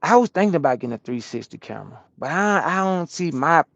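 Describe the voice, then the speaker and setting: Slangy trucker chatting on a live stream. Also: male voice, fairly high pitch, sing-song, quick pace, gravelly, dry recording, highs cut off. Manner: loose slangy talk, answering chat out loud. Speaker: trucker streaming to his chat. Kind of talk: casual live-stream chat. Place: inside a truck cab. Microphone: small camera-mounted microphone.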